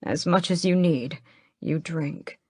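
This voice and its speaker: A woman's voice: sits low, slow, slightly rough, no echo, clean studio sound, full character voice. A woman voicing a young male vampire, urgent and pleading as he tends his brother. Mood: soft urging. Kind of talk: audiobook character voice.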